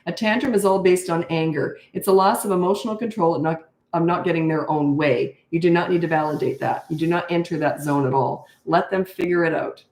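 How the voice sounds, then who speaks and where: In a live Q&A recorded in an echoey room, an older woman coaches parents with matter-of-fact directness. Her tone is darkish and steady, her pace brisk, and she mimics kids in high-pitched voices.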